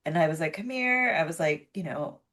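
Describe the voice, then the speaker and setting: A woman's voice: low-pitched, flat delivery, quick pace. A woman in her thirties co-hosting a podcast, chatting casually and telling stories with lots of fillers and restarts. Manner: rambling, storytelling with many fillers and restarts. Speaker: podcast co-host. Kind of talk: casual chat.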